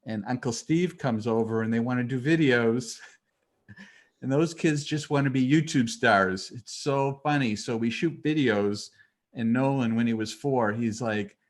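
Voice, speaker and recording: A man's voice: mid-range voice, unhurried. Chatty man hosting a video call. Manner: chatty, with hesitant fillers. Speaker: host. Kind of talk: casual video call chat.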